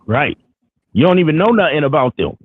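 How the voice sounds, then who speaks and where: A man's voice: a little high, very animated, fairly quick, slightly rough, no room sound, phone-quality sound. A man hosting a podcast, mostly backing up his guest with short words of agreement. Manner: short affirming interjections. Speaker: podcast host. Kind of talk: casual interview chat.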